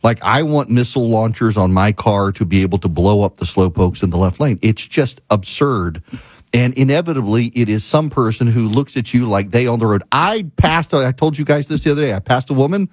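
Man ranting in a lively, swinging voice. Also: mid-range voice, brisk, dry recording. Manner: exasperated ranting, lively storytelling with laughs. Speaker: talk show host. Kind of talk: casual opinion monologue.

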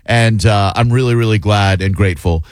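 A fill-in talk radio host in his fifties speaks in a fairly low voice. He drifts through casual, self-mocking anecdotes, leaning on fillers and restarts. The studio sound is close and dry. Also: normal speed, clear, resonant tone, dry recording. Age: 50s. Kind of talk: casual radio chat and storytelling. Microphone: studio broadcast mic.

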